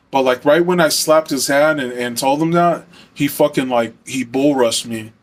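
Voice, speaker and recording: A man's voice: mid-range voice, normal speed. A young man from Arizona telling a story in a casual, rambling way, full of fillers and frequent swearing.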